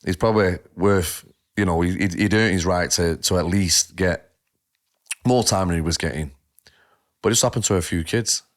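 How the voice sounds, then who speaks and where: A man's voice: deep voice, moderate pace. A man telling stories in casual podcast chat, swearing freely and acting out what people said. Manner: animated storyteller, swears freely, acts out dialogue. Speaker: podcast co-host.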